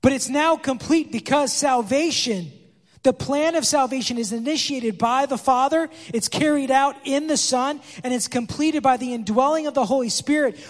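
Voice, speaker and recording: A pastor preaching a conversational sermon, acting out quoted dialogue as he explains the text. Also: very high-pitched. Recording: long hall reverb.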